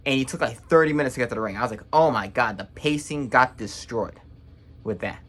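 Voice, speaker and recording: A man's voice: medium pitch, fairly bright tone. Blunt, rambling young man recapping matches. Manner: blunt, rambling, quick to judge. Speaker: wrestling reaction vlogger. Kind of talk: casual opinionated recap.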